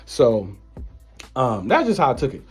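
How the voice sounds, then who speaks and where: A man casually telling a story from his own life in an animated, disbelieving way. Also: medium pitch, normal speed, soft background music. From United States. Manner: animated, incredulous retelling of an encounter. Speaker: vlogger.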